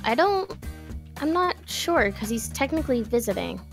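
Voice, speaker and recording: A woman's voice: fairly high pitch, sing-song, moderate pace, creaky, soft background music. A woman playing along in a casual gaming session, chatting easily with friends. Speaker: fellow player.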